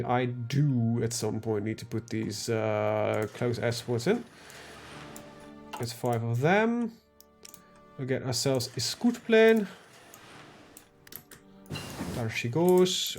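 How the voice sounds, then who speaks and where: A man with a medium-pitched, darkish voice live-streams a strategy game. He talks casually to himself and his chat, thinking aloud with lots of ums and the occasional swear word.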